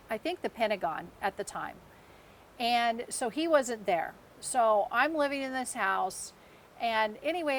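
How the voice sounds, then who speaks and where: An American woman in her fifties co-hosts a casual podcast and tells a long personal story. She acts out the people in it and laughs along the way. Her voice sits a little high, with a faint background hum. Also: a bit bright. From United States. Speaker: podcast co-host.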